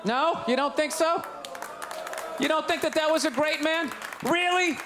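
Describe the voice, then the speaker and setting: A middle-aged man doing a stand-up comedy rant on a club stage, loud and incredulous, with sarcastic asides to the audience. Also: very high-pitched, unhurried. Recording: live club recording with loud crowd noise. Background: audience laughter.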